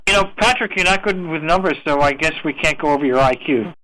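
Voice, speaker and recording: A man's voice: on the high side, fast, sharp tone, poor audio. A man hosting a podcast in casual chat, teasing and joking with his co-hosts. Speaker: podcast host.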